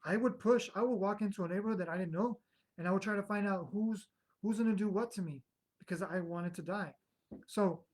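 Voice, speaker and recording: A man's voice: sits high, low-quality recording. A man in an earnest, rambling personal testimony, often restarting his sentences as he recounts his past. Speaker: speaker sharing a personal story.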